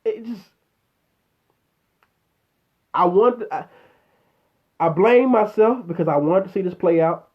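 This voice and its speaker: Profane ranting man, high voice. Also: moderate pace, muffled recording. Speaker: show host. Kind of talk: casual chat reacting to viewers.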